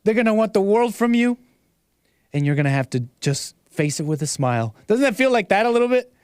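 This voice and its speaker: A man's voice: sits high, big pitch swings, fairly quick, darkish tone, clean tone, dry recording, clean studio sound. A man hosting a livestream, reacting to videos with rambling, repetitive, mocking commentary. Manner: rambling, repeats himself, mocking asides. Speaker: livestream host.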